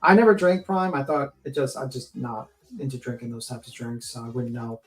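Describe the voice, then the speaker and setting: A man's voice: mid-range voice, steady tone, fairly quick, low-quality recording. A man in a casual livestream chat, rambling and joking, with frequent swearing and filler words.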